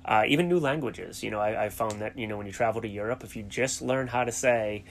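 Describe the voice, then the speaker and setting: A middle-aged man talks in a lowish voice with a softened Boston accent. He is a college coach telling stories in an easygoing way, with frequent fillers as he goes. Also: quick pace, gravelly. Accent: softened Boston, New England. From South Shore of Massachusetts. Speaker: collegiate track and field coach, guest. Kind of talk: casual interview chat.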